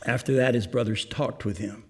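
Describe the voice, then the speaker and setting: A man's voice: mid-range voice, steady tone, moderate pace, vocal fry, darkish tone. A man preaching a sermon, reading scripture aloud and explaining it to his congregation. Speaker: pastor.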